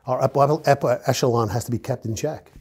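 A middle-aged man with a New York accent tells blunt, animated stories from his years on patrol and acts out the dialogue. His voice is dark and mellow with a husky edge. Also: medium pitch, a little fast. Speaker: retired police officer. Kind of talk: casual storytelling interview.

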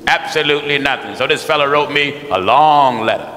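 An American pastor preaching a sermon in a folksy, animated way, acting out the people he talks about. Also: on the high side, a little fast. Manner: animated, folksy, mimics people with shouts and laughs. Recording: echoey church hall, long reverb.

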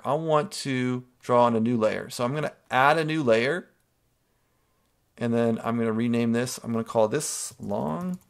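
A man's voice: mid-range voice, vocal fry. A male art teacher narrating a screen-recorded drawing tutorial, explaining each step patiently and checking in with students with a frequent "okay?".

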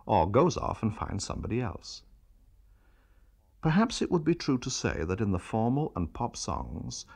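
A man narrating a radio documentary in a measured, lecturing way. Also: lowish voice, gravelly.

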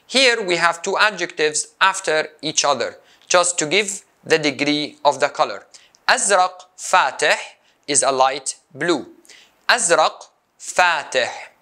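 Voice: medium pitch, expressive, measured pace, pushed and bright. A language teacher giving a recorded lesson, saying each example word twice and then explaining it.

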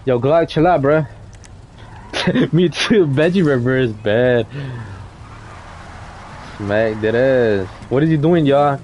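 A young man streams a game car meet, firing off loose, slangy banter and calling players in one by one. His voice sits at an ordinary pitch. Faint game noise runs underneath. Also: slow, pauses often, darkish tone, lo-fi sound. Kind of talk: casual live-stream commentary.

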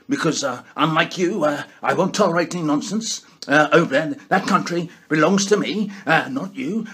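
A man's voice: on the high side, a bit bright, husky, heavily acted. A man doing a comic impression of a posh, rambling male British politician who says "jolly well".

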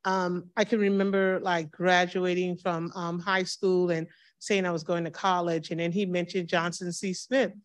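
Speaking at normal speed in a level tone, her voice is on the low side. The church member in her fifties gives personal testimony about her pastor, voicing the conversations and laughing as she goes.

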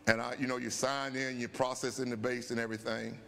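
A man in his seventies, a bishop, telling a folksy, animated story at a Bible study, often saying "man" and "guess what.". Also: medium pitch, quick pace, gravelly, slight background noise. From USA. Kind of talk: storytelling sermon. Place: church sanctuary. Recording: church hall with long reverb.

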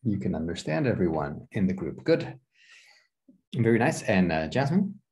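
Gravelly male English teacher. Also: low voice, big pitch swings, normal speed, darkish tone. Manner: encouraging, explains with examples. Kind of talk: online group class. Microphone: video call.

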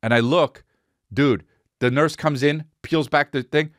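A man hosting a podcast, telling a comic story in an animated, rambling, profane way. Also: on the high side, a little slow, dry recording, studio quality. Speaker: podcast host.

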